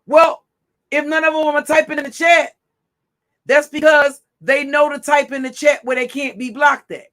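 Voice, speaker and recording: Woman streamer, confrontational rant, profane, taunting, high-pitched, sharp tone. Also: flat delivery, normal speed. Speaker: livestream host. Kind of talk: ranting livestream monologue.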